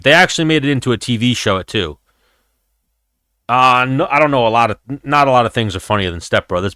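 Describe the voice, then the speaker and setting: A man's voice: on the low side, bright, forceful tone, clear, resonant tone, no echo, clean studio sound. A young man hosting a livestream, chatting loosely and rambling with a lot of profanity. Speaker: livestream host. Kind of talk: casual chat with live chat.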